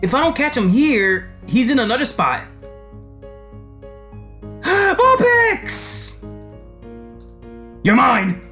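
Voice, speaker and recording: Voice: mid-range voice, expressive, moderate pace, few pauses, a bit bright, faint music behind. Rambling, swearing game streamer. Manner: rambling, laughing, swearing freely. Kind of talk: casual gameplay commentary.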